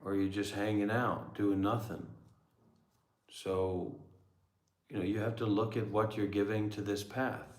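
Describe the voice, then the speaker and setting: A man's voice: lowish voice, level tone, unhurried, long pauses, roomy sound. A man who is a former monk and meditation teacher talking bluntly and sardonically on a livestream. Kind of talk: livestream Q&A talk.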